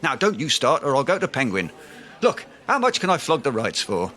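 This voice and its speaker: Brief: man voicing pompous, blustering wannabe author, bright, swoopy comic delivery. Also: mid-range voice, wildly swooping pitch, fairly quick. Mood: bluffing. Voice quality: grandiloquent, blustering. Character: pompous self-deluded aspiring male writer. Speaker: comic lead. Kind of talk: comedy audio drama acting.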